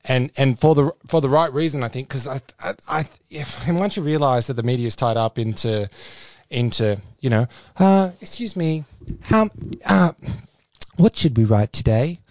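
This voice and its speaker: A man's voice: medium pitch, moderate pace, a little mellow, no echo. An Australian man co-hosting a podcast in a rambling, casual chat full of restarts and swearing. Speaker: podcast co-host.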